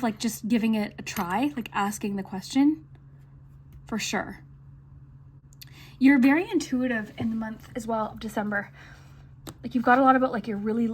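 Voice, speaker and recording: A woman doing a relaxed tarot reading straight to camera, her voice sitting a little high. She talks in a chatty, reassuring flow full of little fillers. A faint hiss runs under the recording. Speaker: tarot reader. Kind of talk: casual intuitive reading to camera.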